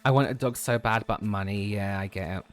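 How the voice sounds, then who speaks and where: A man's voice: lowish voice, a little fast, faint music behind. A man streaming a game, chatting casually and rambling as he plays, often breaking into laughter. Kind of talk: casual chat while playing a game.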